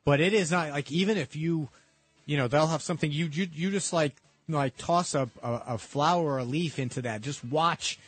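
A male radio co-host who explains his views earnestly and stumbles into restarts. His voice sits a bit high, and the studio sound is close and dry. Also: a little fast, hardly any pauses, dry recording, soft background music. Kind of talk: casual radio talk.

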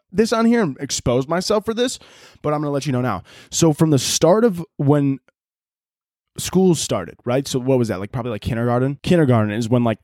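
A young man hosting a casual solo podcast, telling stories in a profane, laughing, animated way. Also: medium pitch, no echo, studio quality. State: out of breath. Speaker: podcast host.

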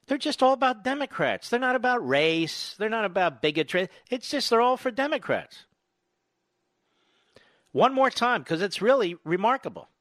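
A man's voice: high voice, sing-song, normal speed, fairly bright tone, no echo. A man hosting a radio talk show, delivering an opinionated, indignant and sarcastic monologue into a studio microphone.

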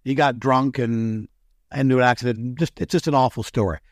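A sports broadcaster, a man, telling excitable stories as a guest on a podcast interview. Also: mid-range voice, fairly quick, no room sound, clean studio sound. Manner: animated, excitable storyteller.

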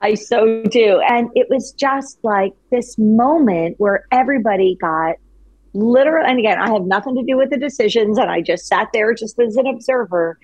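A woman in casual chat, talking in an animated, affectionate way. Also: fairly high pitch, normal speed, dry recording.

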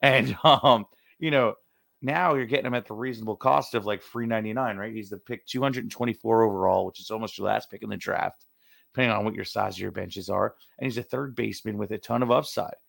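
A man co-hosting a casual sports podcast, excitable, jokey and rambling. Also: fairly low pitch, quick pace, creaky, dry recording, studio quality. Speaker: podcast co-host.

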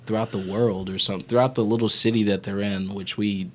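A man's voice: on the low side, little pitch movement, fast, slight background noise. A man co-hosting a podcast, rambling playfully as he retells a movie plot. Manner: rambling, playful, retells plots with put-on voices. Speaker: podcast co-host. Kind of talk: casual podcast chat.

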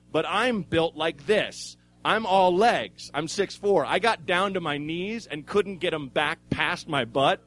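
A man's voice: on the high side, fairly bright tone. Self-mocking rambling man on stage. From Oregon, USA. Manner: rambling, self-mocking, with frequent restarts and swearing. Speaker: stand-up comedian. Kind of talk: stand-up storytelling. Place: live comedy club stage.

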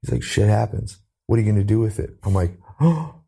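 A man from Canada telling his life story as an interview guest, earnest and animated, lifting his voice when he quotes people. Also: quick pace, creaky, slightly rough. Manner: earnest, acts out quoted voices with rising pitch.

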